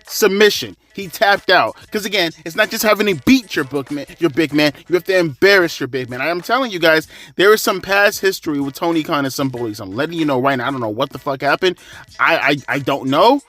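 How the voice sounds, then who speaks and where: A man's voice: fairly high pitch, expressive, a little fast. Exasperated man ranting, swearing freely. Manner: profane, exasperated, swings from mutters to yells. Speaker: wrestling show reviewer. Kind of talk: ranting commentary vlog.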